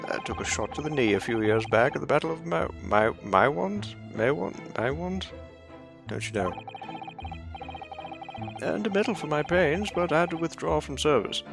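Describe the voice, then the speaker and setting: A man's voice: fairly high pitch, expressive, moderate pace, gravelly, music in the background, pitched above the performer's own voice. A man voicing a retired old English soldier with a put-on posh accent, hearty and blustering.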